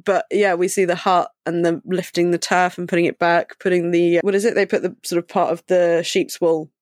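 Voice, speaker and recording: A woman co-hosting a casual book discussion podcast, speaking in a thoughtful, wry and measured way. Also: fairly low pitch, level tone, darkish tone, no room sound, clean studio sound. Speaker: podcast co-host.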